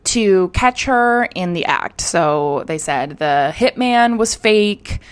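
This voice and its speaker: A woman's voice: medium pitch, expressive, takes it slowly, clear, resonant tone. A young woman, a true-crime YouTuber, casually telling a crime story in a chatty, candid way, full of fillers and casual swearing.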